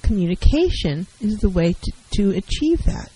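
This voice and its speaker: A middle-aged woman counselor who talks in a calm, measured way and acts out example dialogues. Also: medium pitch, slightly rough, no room sound, poor audio. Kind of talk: talk radio advice segment.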